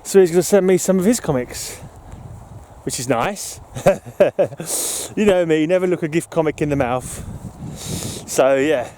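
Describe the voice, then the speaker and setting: A slightly high-voiced man records a walking vlog, short of breath as he rambles. He swears freely and laughs at his own remarks. Faint traffic and city hum drift behind him outdoors. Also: unhurried, long pauses, a little mellow. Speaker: podcast host. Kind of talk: casual walking vlog monologue. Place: outdoors in an urban park.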